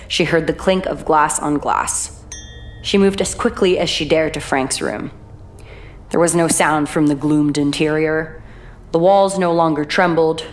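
A woman narrating a horror audiobook in a measured, even storytelling manner. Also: low-pitched.

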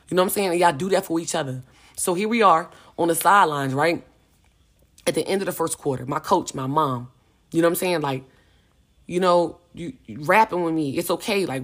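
Brief: young woman, podcast host, slightly low voice, casual emphatic monologue full of slang. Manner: emphatic, slangy, repeats "you know what I'm saying".

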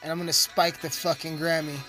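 A man's voice: a little high, level tone, a little fast, bright, forceful tone. A man rambling through a profane, joking casual monologue as a podcast host. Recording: music playing behind.

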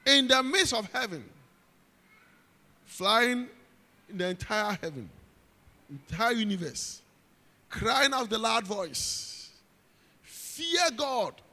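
A man's voice: extremely high pitch, creaky, a bit bright. Ghanaian preacher man in a reverberant hall. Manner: emphatic preaching, repeats phrases, calls out to congregation. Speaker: pastor. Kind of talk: sermon.

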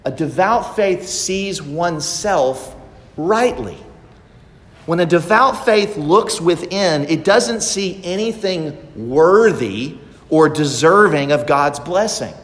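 A man preaching a sermon, pressing his points by repeating key phrases. His voice sits somewhat high for a man. The sound carries a long, roomy reverb, as in a church sanctuary. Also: animated, takes it slowly, a bit bright. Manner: emphatic, repeats phrases for stress. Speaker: pastor. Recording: echoey church hall.

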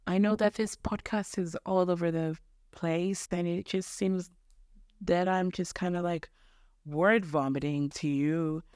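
A woman's voice: lowish voice, steady tone, a little slow, a little mellow, clear, resonant tone, dry recording, clean studio sound. A young woman from Mozambique hosting a solo podcast from her bedroom, ranting casually in a rambling, self-deprecating way with casual swearing. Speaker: podcast host.

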